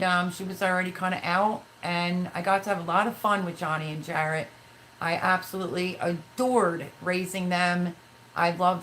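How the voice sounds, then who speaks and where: A woman's voice: fairly low pitch, a bit bright, a little hiss or hum, poor audio. A middle-aged woman hosting a casual live stream, talking candidly and emotionally in a rambling way while reading viewer comments. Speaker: livestream host.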